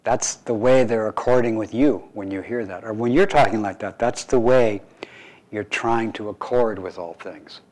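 A man, a meditation teacher, giving a relaxed dharma talk to a group with playful, wry asides. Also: lowish voice, normal speed, low-quality recording.

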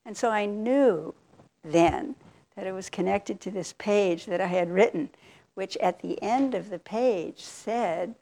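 Slow, gravelly-voiced older woman. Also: mid-range voice. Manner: slow, reflective, candid, with soft laughs. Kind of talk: personal storytelling talk.

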